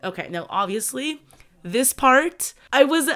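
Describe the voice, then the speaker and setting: A woman's voice: high-pitched, expressive, a little slow, fairly bright tone. A young woman co-hosting a book podcast, talking casually and with feeling, with lots of "um" and "like" as she retells a story. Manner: emotional, lots of fillers like "um" and "like".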